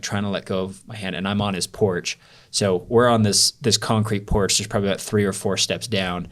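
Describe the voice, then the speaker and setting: A young man, a podcast guest, telling a personal story in a loose, rambling way full of "like" fillers. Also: lowish voice. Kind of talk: storytelling in a casual interview.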